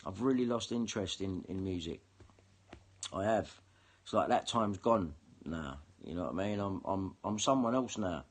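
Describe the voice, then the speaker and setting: A man's voice: deep voice, lively intonation, moderate pace. A man ranting angrily and swearing in a monologue to camera. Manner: heated, sweary, confrontational. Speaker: vlogger.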